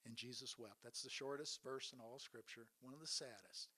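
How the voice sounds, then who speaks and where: A man's voice: mid-range voice, normal speed, bright, forceful tone. A man preaching a sermon, retelling Bible stories in an earnest way and asking his listeners rhetorical questions.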